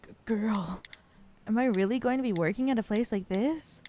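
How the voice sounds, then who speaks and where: A woman's voice: on the high side, moderate pace, dark tone, a little hiss or hum, lightly acted. A woman voicing an earnest young male detective who is new in town, reading game dialogue aloud in a thoughtful inner-monologue manner.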